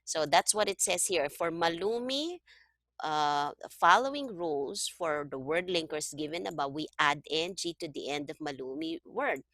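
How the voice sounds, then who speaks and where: A woman's voice: deep voice, lively intonation, moderate pace, a bit bright, no room sound, clean studio sound. A woman tutoring Tagalog one-on-one over a video call, patiently checking that her student follows. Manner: patient, checks understanding with frequent "okay?". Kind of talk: one-on-one online language lesson.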